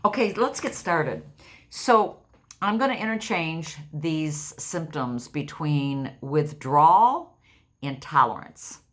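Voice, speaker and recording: A woman's voice: low voice, expressive, slow, fairly bright tone. A woman in her sixties chatting to her viewers, telling stories and laughing often. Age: 60s. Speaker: vlogger. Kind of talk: casual chat to camera.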